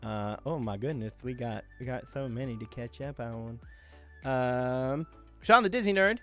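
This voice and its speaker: A man's voice: mid-range voice, lively intonation, unhurried, bright, forceful tone, faint music behind. A young man hosting a live stream, chatting casually and reading out viewer requests. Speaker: livestream host doing voice impressions.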